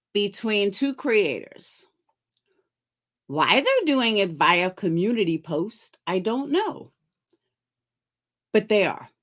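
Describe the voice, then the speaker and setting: A middle-aged woman hosting a casual livestream, chatting with viewers by name and making sarcastic asides. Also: mid-range voice. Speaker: livestream commentary host.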